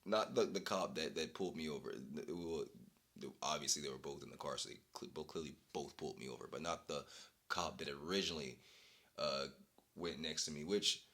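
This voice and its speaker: A young man vlogging, telling an exasperated story in a casual, animated way and breaking into laughter. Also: rumbling low, a little fast.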